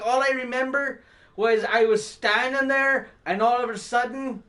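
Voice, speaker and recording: A man's voice: extremely high pitch, normal speed, bright, forceful tone. A man hosting a music stream who tells rambling stories in casual chat, laughing often and swearing a lot.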